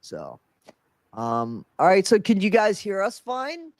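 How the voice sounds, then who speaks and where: A man hosting a casual livestream chat, stuffy and congested, talking haltingly with many restarts. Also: high-pitched, wildly swooping pitch, dry recording. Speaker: livestream host.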